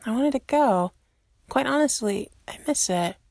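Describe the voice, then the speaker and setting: A woman's voice: fairly high pitch, animated, unhurried, a little mellow, dry recording, voice pushed up. A woman voicing a brash, eager young woman hero who talks in an earnest, keyed-up rush.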